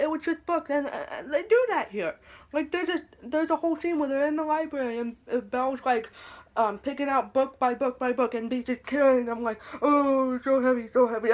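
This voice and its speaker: A young woman chatting casually in a movie review vlog, with many ums, now and then acting out short quotes. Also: fairly high pitch.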